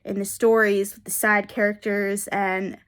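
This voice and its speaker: A woman's voice: mid-range voice, flat delivery, unhurried, fairly bright tone. A young adult woman chatting casually in a reading vlog, gushing and enthusiastic, rambling with frequent restarts. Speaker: book vlogger.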